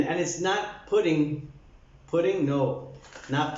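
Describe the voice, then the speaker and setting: Brief: male English teacher, slightly high voice, slow drills, echoey dull recording. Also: darkish tone. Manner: slow, repeats words for drills. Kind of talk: English lesson for Spanish speakers. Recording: echoey, dull lo-fi room sound.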